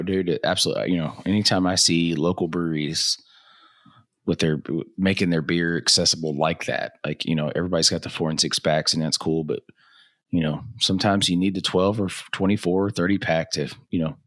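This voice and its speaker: A man co-hosting a casual beer tasting chat, his voice a bit hoarse from yelling. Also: sits low, a little fast, dry recording, studio quality. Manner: relaxed, chatty, reads labels aloud. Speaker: co-host of a beer tasting show.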